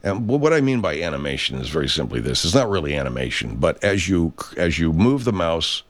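A man's voice: rumbling low, big pitch swings, fairly quick. A middle-aged man hosting a podcast, musing in a casual, rambling monologue full of swearing and restarts. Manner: rambling, profane, many restarts. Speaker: podcast host.

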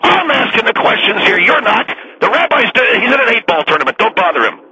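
A man's voice: sits high, sing-song, brisk, pushed and bright, slight background noise, pitched above the performer's own voice, full character voice, low-quality recording. A man voicing a pushy radio executive who keeps cutting others off. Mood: lecturing. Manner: overbearing, keeps cutting people off.

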